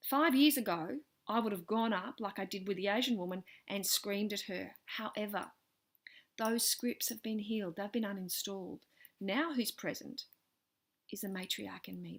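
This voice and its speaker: A middle-aged woman telling a personal story in a vlog, earnest and animated, her voice swelling with intensity and then sinking almost to a whisper. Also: medium pitch. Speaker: vlogger sharing personal stories.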